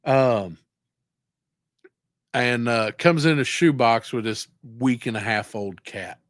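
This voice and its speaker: Slow, laid-back middle-aged man. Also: medium pitch, no room sound, studio quality. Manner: rambling, laid-back, swears freely. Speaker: tattoo artist. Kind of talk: casual livestream chat.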